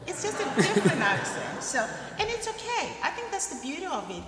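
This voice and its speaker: A woman speaking as an immigrant panelist at a community forum, upbeat and quick to laugh. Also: high-pitched, huge pitch swings, over a noisy crowd. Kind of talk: panel discussion answer. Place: church hall. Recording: echoey hall with background noise.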